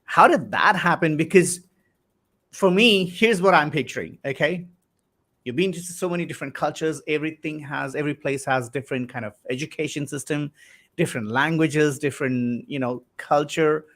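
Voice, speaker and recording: A man's voice: a little high, moderate pace, fairly bright tone. A man hosting a live-streamed interview, chatty, reading out viewer comments and asking questions. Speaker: host.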